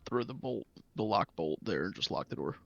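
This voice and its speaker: Lively man on a dull, dry mic. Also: lowish voice, normal speed, gravelly, dry recording. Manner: lively, explaining plans. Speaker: player. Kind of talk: tabletop game chat.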